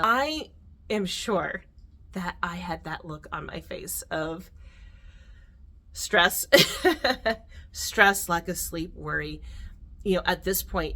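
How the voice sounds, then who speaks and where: A middle-aged woman shares a personal story on her vlog. She talks in a heartfelt, rambling way, with restarts and soft laughs. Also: lowish voice. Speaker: vlogger.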